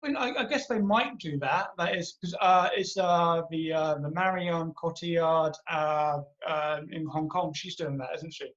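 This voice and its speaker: A British man chats about a movie, stumbling and restarting his sentences as he goes. His voice sits slightly high. The audio is dull and lo-fi. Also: moderate pace, hardly any pauses, fairly bright tone. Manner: hesitant, lots of restarts. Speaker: podcast co-host. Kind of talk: casual movie chat. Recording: muffled lo-fi audio.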